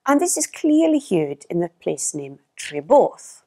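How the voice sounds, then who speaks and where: A woman teaching a language lesson in clear, careful narration, modelling each pronunciation. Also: medium pitch, very animated, measured pace, darkish tone.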